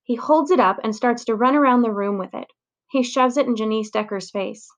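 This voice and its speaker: A woman's voice: a little high, a little fast, lo-fi sound. Woman reading a children's story aloud. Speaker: reader.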